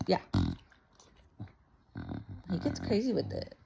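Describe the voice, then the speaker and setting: A woman's voice: sits low, very animated, measured pace, creaky, pauses often, heavy background noise. A woman talking in a casual, confessional vlog, rambling candidly with lots of "like" and "you know" and laughing easily. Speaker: faith and mental health vlogger.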